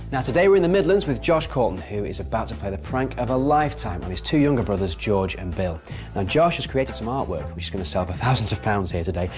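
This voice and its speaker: An upbeat, jokey male presenter who talks quickly, with a fairly low voice. Music plays over his speech. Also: long reverb tail. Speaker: TV prank show presenter. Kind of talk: energetic on-location presenting.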